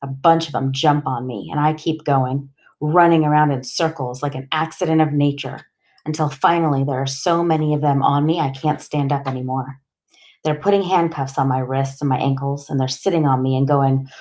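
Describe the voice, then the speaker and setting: Brief: woman audiobook narrator, low voice, plain steady delivery. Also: moderate pace. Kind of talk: first-person audiobook narration.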